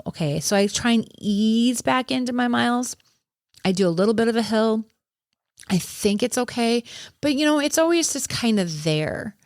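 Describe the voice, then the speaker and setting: A woman hosting a podcast who tells a personal story in a casual way, candid and lively, swearing and laughing often. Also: medium pitch, no room sound, studio quality. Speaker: podcast host and running coach.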